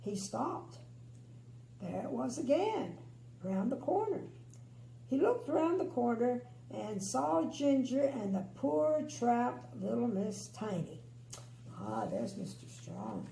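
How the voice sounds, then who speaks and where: Expressive older grandma reading bedtime stories. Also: female voice, fairly high pitch, takes it slowly, creaky. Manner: expressive, chatty, opinionated asides. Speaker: grandmother storyteller. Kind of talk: bedtime story reading with asides. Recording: echoey room with faint hum.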